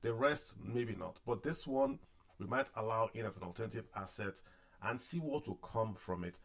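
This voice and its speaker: A man with a low, gravelly voice hosts a relaxed discussion about money and markets. He talks plainly and circles back over his points to drive them home. The pitch sits on the low side and the gravelly texture runs all through. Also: moderate pace. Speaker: podcast host. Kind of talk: casual discussion on a call-in show.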